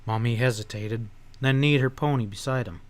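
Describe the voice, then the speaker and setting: A man reading a western novel aloud as an audiobook narrator, in steady storytelling. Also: medium pitch, normal speed.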